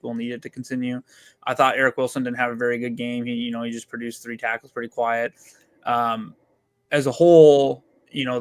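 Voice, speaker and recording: A man co-hosting a casual sports chat over a remote call, giving steady, measured analysis. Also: mid-range voice, no room sound. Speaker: podcast co-host.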